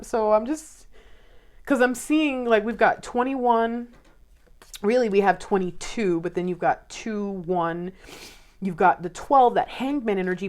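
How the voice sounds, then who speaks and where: A woman giving a casual, emotional tarot reading and talking straight to her viewers. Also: mid-range voice. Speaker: tarot reader.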